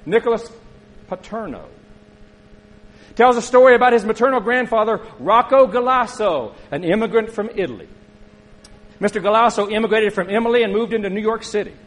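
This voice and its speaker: A middle-aged male pastor with a husky, fairly high voice. He preaches in a relaxed, conversational way. He often stops to put questions to his listeners. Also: fairly quick, rough recording. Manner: conversational storytelling with questions to the congregation. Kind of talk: sermon.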